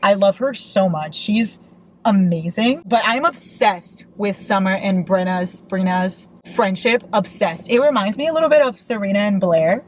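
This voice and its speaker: A young woman vlogging about a book she is reading, talking from inside her parked car in a gushing, excitable way, laughing often and swearing casually. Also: medium pitch, normal speed, slight background noise, low-quality recording. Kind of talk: casual read-along book chat.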